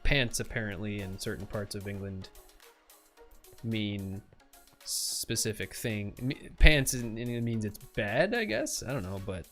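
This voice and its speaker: A man's voice: lowish voice, expressive, measured pace, a bit bright, faint music behind. A young man chatting casually on a livestream while he plays, throwing in goofy made-up sound words. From USA. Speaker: streamer.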